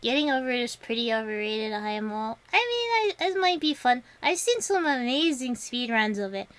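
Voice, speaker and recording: A woman's voice: fairly high pitch, sing-song, moderate pace, fairly bright tone. A young woman streaming to viewers and chatting casually, laughing often and rambling with many restarts. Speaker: vtuber streamer.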